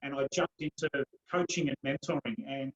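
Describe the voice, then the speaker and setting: A man's voice: medium pitch, steady tone, fairly quick, highs cut off. A middle-aged man tells his personal story earnestly in a podcast interview. He talks emphatically and repeats phrases with growing force. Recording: roomy echo.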